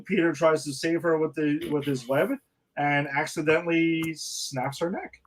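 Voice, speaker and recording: A man with a slightly high voice recaps a film's plot in casual podcast chat. He adds dry, mocking asides as he goes. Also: steady tone, a little slow, poor audio. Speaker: podcast co-host.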